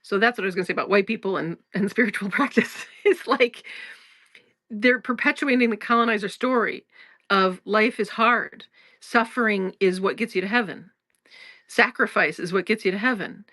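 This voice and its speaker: A woman's voice: medium pitch, moderate pace, sharp tone, dry recording, clean studio sound. A woman hosting a spiritual talk in a casual, frank way, swearing freely, laughing often and restarting her sentences. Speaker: spiritual teacher and podcast host.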